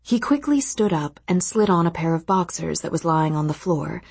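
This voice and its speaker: Audiobook narrator, woman, low-pitched husky voice, steady reading. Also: moderate pace, no echo. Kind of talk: scripted narration.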